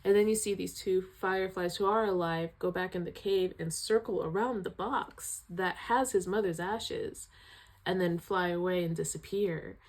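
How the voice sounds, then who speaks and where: A woman giving a casual video review of a film. She retells scenes in an animated, emotional way, sighing often. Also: fairly low pitch, normal speed.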